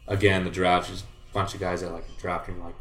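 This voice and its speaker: A young man from Southern California tells stories from his baseball days with a lowish voice. He talks in laid-back slang, says "like" and "dude" constantly, swears mildly, and his voice leaps up when he acts out what he said. The room gives the sound a roomy echo. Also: level tone, a little fast, faint music behind. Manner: jumps high and loud when quoting himself. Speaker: guest, former baseball player. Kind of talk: casual storytelling chat.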